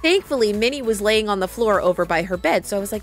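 A woman's voice: mid-range voice, fast talker, hardly any pauses, faint music behind. A woman in her thirties, a streamer chatting casually and rambling through stories with frequent restarts. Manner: rambling, chatty, self-interrupting. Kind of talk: casual chat.

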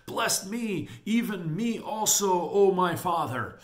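Man doing a wronged elder brother, high strained pleading voice, loud and urgent. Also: measured pace.

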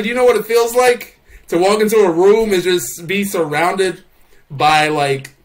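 Higher-voiced man, animated comedy chat. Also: a little slow. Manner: animated, laughing often, emphatic swearing. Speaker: podcast co-host; stand-up comedian. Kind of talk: casual chat.

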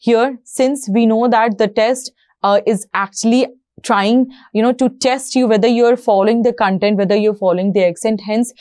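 A woman's voice: a little high, fairly even intonation, moderate pace, a little mellow, no room sound, clean studio sound. A woman explaining an exam format to learners, often checking in with "right?" and "you know". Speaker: IELTS instructor.

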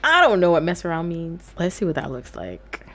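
A young adult woman giving casual let's-play commentary, animated and often laughing as she talks to her viewers. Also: fairly low pitch, moderate pace, a little hiss or hum. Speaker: gaming YouTuber.

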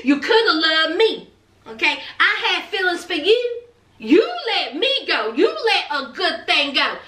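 A woman's voice: very high voice, sing-song, a little slow, pushed and bright, distant mic, heavily acted. A woman voicing a friend who scolds and gives blunt advice, in a lecturing manner. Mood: scolding. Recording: roomy, off-mic.

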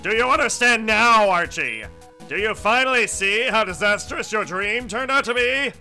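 A stern rival villain leader, played by a man for a game playthrough, speaking in a measured, lecturing way. The tone is bright with some gravel. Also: high-pitched, lively intonation, faint music behind, full character voice. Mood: reproachful.

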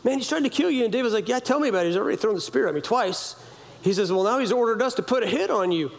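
A man's voice: high voice, racing, creaky. A male pastor preaching a sermon in a casual storytelling way, acting out quotes with playful sound effects and asking the congregation questions. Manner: conversational, asks congregation questions.

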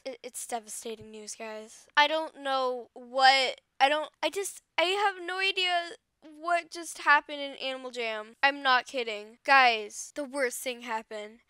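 A woman doing dramatic, excitable commentary over her game, swinging between wailing and squealing. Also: sits high, no echo. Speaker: game video creator. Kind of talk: gameplay commentary.

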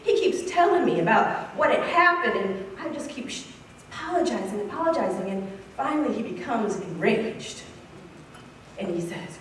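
A woman, an author and civil rights lawyer, telling a personal story in a conference speech, earnest and building up, then dropping to soft, intimate tones. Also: a little high, animated, normal speed, recorded from a distance. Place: large conference hall. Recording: echoey hall, voice from afar.

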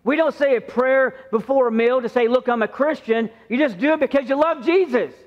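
A man's voice: very high-pitched, brisk. A middle-aged man preaching a sermon as pastor in a conversational way, acting out the voices he quotes. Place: church sanctuary. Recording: muffled church sound with long reverb.

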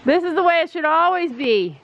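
A middle-aged woman chatting casually to camera in a family vlog, thinking out loud and turning bossy when she sets rules. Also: very high voice, animated, brisk, vocal fry. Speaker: family vlogger. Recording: dull lo-fi camera audio with faint noise.

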